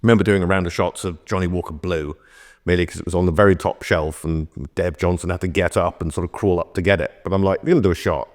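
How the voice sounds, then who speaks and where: A man's voice: low-pitched, fairly even intonation, fast. A middle-aged man, a veteran bartender, telling rambling stories in a casual conversation. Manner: rambling anecdotal storytelling. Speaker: bartender guest.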